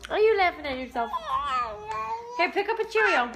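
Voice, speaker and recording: A woman's voice: extremely high pitch, expressive, moderate pace, pauses often. A mother filming her baby on a phone camera, talking in cooing, sing-song baby talk with small gasps.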